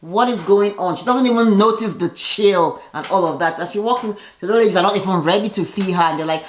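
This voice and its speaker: A woman recaps a reality show in a loose, conversational way, leaning on "you know" and bursting into animated impressions of the cast. Her voice sits at an ordinary middle pitch. The room around her sounds roomy and echoey. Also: fast, a little hiss or hum. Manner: chatty, heavy on "you know" fillers; animated, acts out the cast's lines. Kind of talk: casual TV episode recap. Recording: roomy echo.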